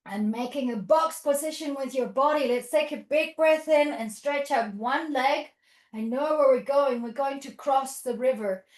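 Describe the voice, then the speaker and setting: A woman's voice: high voice, normal speed. A woman leading a toddler yoga class, praising and guiding the children through a playful animal story. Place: yoga studio. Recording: echoey room.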